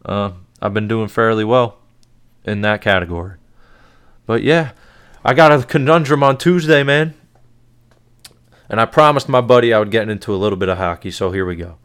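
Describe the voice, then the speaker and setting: A man's voice: fairly low pitch, fairly even intonation, normal speed, long pauses, fairly bright tone, smooth. Chatty man giving blunt sports picks. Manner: chatty, blunt, laughs often, frequent swearing. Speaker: podcast host. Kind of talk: casual sports talk.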